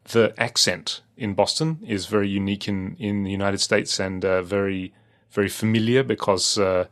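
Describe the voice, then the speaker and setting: A man's voice: lowish voice, steady tone, moderate pace, fairly bright tone. A man with an Australian accent, co-hosting a podcast in casual chat, rambling with many fillers and restarts. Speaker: podcast co-host.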